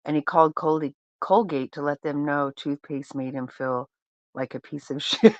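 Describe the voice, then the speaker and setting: A woman's voice: low voice, fairly even intonation, moderate pace, dry recording, muffled recording. A middle-aged woman hosting a casual live-stream chat, laughing often and exclaiming in disbelief as she reads and reacts.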